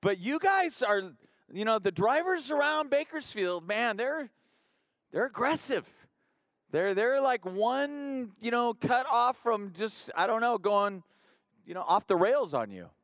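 A pastor preaching a conversational sermon in church, repeating phrases and building rhythmic refrains. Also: male voice, very high-pitched, big pitch swings, measured pace, fairly bright tone, dry recording, clean studio sound.

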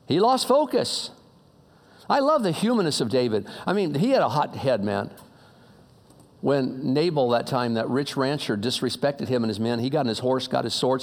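A man preaching a sermon in a conversational way, dropping low to muse and rising to emphatic appeals, with casual slang and frequent restarts. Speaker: pastor.

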